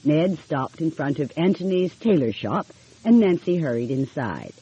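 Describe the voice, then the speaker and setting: A woman's voice: low-pitched, big pitch swings, normal speed, dark tone, breathy edge, dull audio. A woman narrating a mystery audiobook in a cozy storytelling manner.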